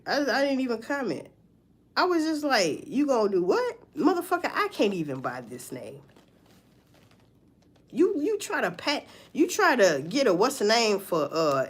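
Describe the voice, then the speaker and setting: Animated woman gossiping on a livestream. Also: mid-range voice. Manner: profane, animated gossip with mocking asides. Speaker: livestream host. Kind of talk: casual livestream commentary.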